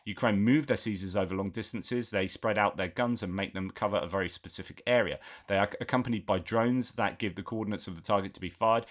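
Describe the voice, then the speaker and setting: A man's voice: fairly low pitch, fast talker, hardly any pauses. A man hosting a news commentary channel, reading articles aloud and breaking off for his own asides, with frequent fillers.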